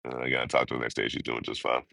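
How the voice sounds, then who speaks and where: A man's voice: very deep voice, flat delivery, very fast, vocal fry, pushed and bright, no room sound. A man, chatting casually and profanely on a travel live stream, laughing often. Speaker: travel vlogger.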